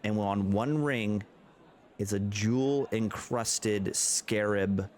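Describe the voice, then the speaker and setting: A man's voice: lowish voice, slow pace, darkish tone. A man narrating as game master in a tabletop role-playing game, casual and sometimes searching for the right word.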